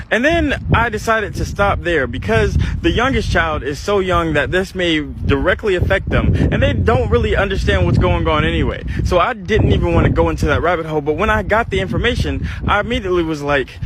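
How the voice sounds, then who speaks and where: A man's voice: a little high, animated, fairly quick, background noise. A man casually telling a personal story in the first person, in an earnest, conversational way with some restarts. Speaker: father telling a confession.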